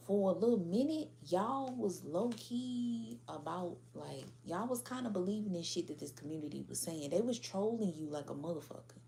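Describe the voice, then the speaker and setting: Woman tarot reader, AAVE slang, dark warm tone, faint hiss behind. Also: on the low side, lively intonation, normal speed, vocal fry. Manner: blunt, profane, laughing, slangy. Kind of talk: casual tarot reading to viewers.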